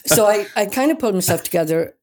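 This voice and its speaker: An older woman from Wales, a guest singer, telling an anecdote in a casual interview, animated and often laughing. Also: mid-range voice, fast talker, crowd noise. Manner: animated storyteller, laughs often, restarts mid-sentence.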